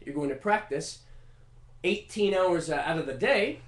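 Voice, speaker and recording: A man's voice: a little high, animated, moderate pace, natural voice. A man putting on the voice of a lazy, drunken, tyrannical father giving bossy orders. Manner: bossy, dismissive. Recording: roomy echo.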